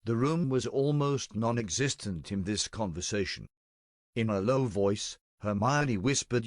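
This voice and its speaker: A man narrating a storybook-style tale in a steady, deadpan reading voice, close to the mic. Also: mid-range voice, unhurried, no echo.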